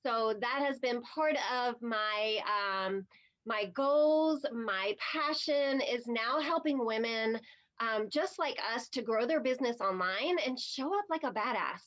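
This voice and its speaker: A woman's voice: on the high side, a little slow. Bubbly woman on a lo-fi call. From New Jersey. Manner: bubbly, excited, chatty. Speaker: network marketing coach. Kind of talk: casual webinar chat. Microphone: video call. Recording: dull lo-fi video call audio.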